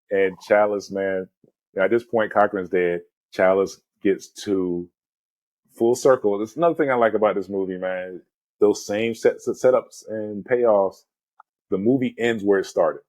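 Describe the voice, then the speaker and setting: A man in his forties with a lowish voice, hosting a casual movie chat. He retells scenes with animated, rambling energy and drops "man" and "you know" constantly. The sound is dry, with no room echo. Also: measured pace. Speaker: movie podcast host.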